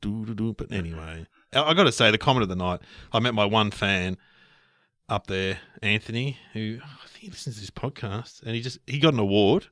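An Australian man with a bright, forward voice jokes his way through a story. His pitch jumps all over the place, and the close mic keeps him dry and near. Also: fairly quick, no echo. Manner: jokey and animated, tossing in quips and puns. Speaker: podcast co-host. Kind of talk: casual comedic chat.

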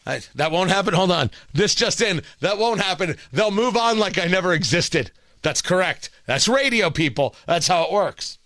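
A man's voice: high voice, animated, normal speed, hardly any pauses, a bit bright, dry recording, studio quality. A man from New York with a New York accent, a morning talk radio host giving a sarcastic, combative monologue and often repeating words as he rambles.

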